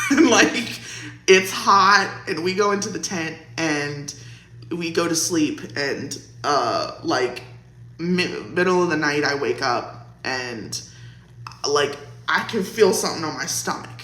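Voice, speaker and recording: A woman's voice: sits low, expressive, slow pace, bright, forceful tone. A young woman vlogger casually telling a storytime, chatty and laughing, with lots of "like". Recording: roomy echo.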